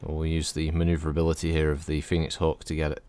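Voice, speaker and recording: Deep-voiced man rambling over gameplay. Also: monotone, quick pace, warm tone, clear, resonant tone. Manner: rambling, chatty, swears freely. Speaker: streamer. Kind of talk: casual gameplay commentary.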